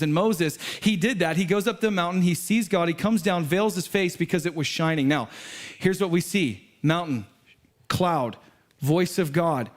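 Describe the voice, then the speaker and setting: A man preaching a sermon as pastor, in a casual, conversational way that builds to emphatic peaks. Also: high-pitched. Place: church sanctuary.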